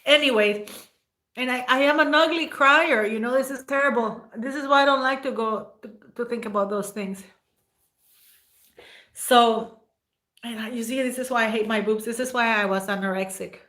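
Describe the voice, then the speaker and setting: A woman's voice: fairly high pitch, moderate pace, pauses often, sharp tone. A woman hosting a casual livestream, rambling and emotional as she thanks viewers by name. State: near tears at times. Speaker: livestream host.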